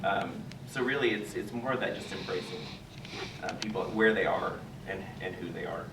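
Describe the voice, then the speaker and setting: A man's voice: sits low, normal speed, gravelly. A man speaking earnestly as a guest at a church panel, reflecting on listening and self-acceptance. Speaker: drag nun guest. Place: large echoey church sanctuary. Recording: echoey room, distant mic, background noise.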